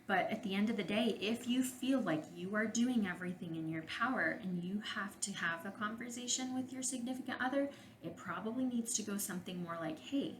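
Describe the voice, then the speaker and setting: A woman's voice: medium pitch, brisk, echoey room, slight background noise, poor audio. A woman, a couples therapist and podcast host, giving frank, direct advice in a solo monologue.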